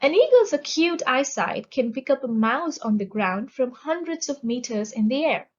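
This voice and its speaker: A woman's voice: sits high, very animated, highs cut off. A woman giving a scripted vocabulary lesson, pronouncing each word with care and spelling out stress and meaning. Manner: slow, deliberate, enunciating each word. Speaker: vocabulary teacher.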